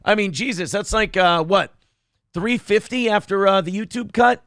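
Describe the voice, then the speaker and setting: A man's voice: high-pitched, moderate pace, fairly bright tone, no room sound. A man hosting a morning talk show, chatting casually in a sarcastic, mocking way into a studio mic. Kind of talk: casual chat.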